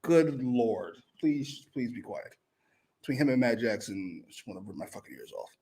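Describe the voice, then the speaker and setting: A man's voice: medium pitch, lively intonation, moderate pace, mellow, slightly rough. A man co-hosting a wrestling review podcast, giving blunt, profane opinions in casual chat. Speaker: wrestling show co-host.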